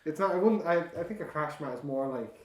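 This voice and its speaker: Guy, slightly high voice, joking about movies, roomy echo. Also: expressive, quick pace. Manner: laid-back, joking, swears casually. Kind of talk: casual film chat. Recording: echoey room.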